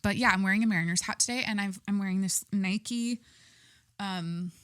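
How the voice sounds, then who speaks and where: A woman podcast host chatting casually on her own, rambling from one thing to the next with plenty of "like" and "you know." She talks with her full chest, forceful and unfiltered, at a middling pitch. Her voice sounds close and dry. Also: normal speed, clear, resonant tone, no room sound. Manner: chatty, rambling with many fillers. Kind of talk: casual solo podcast chat.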